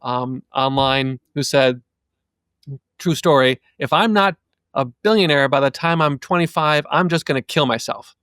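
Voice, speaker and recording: A man with a mid-range voice tells a chatty, animated anecdote during a casual podcast conversation. The sound is dry and close. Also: mid-range voice, unhurried, smooth, dry recording.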